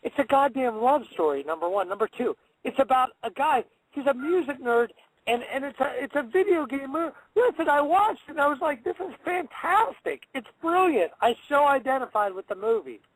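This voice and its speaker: Very high-voiced tipsy man ranting. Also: expressive, fairly quick, no echo, low-quality recording. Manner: profane, loud, ranting. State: tipsy from drinking. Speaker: radio show co-host. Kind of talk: rowdy casual banter. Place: in his car.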